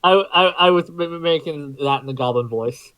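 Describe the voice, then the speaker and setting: Male player, jokey and casual, swears, slightly high, dry mic. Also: normal speed, fairly bright tone, clear, resonant tone, no echo, rough recording. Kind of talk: casual chat during a tabletop game.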